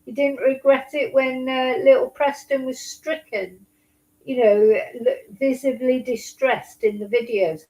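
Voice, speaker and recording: A woman's voice: high voice, fairly even intonation, measured pace, mellow, poor audio. A woman giving blunt, indignant casual commentary on a trial report, swearing now and then. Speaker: true crime commentator.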